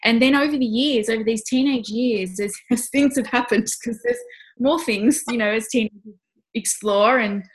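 A woman's voice: a little high, normal speed. A woman, telling a personal story as an interview guest, heartfelt and full of "you know" fillers and restarts. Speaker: parenting instructor guest.

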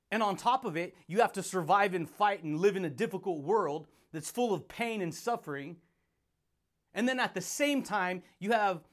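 Hyped, playful high-voiced man. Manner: hyped, playful, laughs often, calls listeners baby and buddy. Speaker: podcast host, self-help speaker. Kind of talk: motivational monologue.

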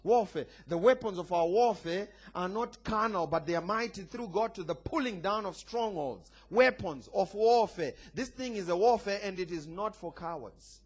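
A man with a high voice preaches a sermon with emphatic, animated delivery. He swings between loud declarations and quieter, playful asides, calling on the congregation to answer back. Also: normal speed, few pauses, slightly rough. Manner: emphatic preaching with call-and-response. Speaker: pastor.

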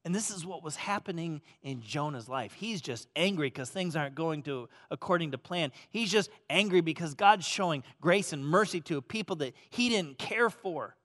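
A man preaching a sermon as pastor, swinging between loud emphasis and hushed, soft passages. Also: fairly high pitch, expressive, moderate pace, few pauses. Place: church auditorium.

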